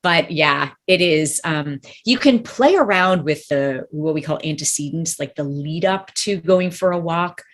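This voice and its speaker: A woman's voice: low voice, a little slow, hardly any pauses. A woman dog trainer in a casual interview chat, talking in a thoughtful, rambling way and hedging her points.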